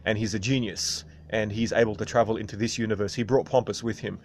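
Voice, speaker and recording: A man's voice: fairly low pitch, fairly even intonation, fast talker, a little hiss or hum. A man hosting a casual video monologue, rambling and tagging sentences with "right?". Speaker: video host.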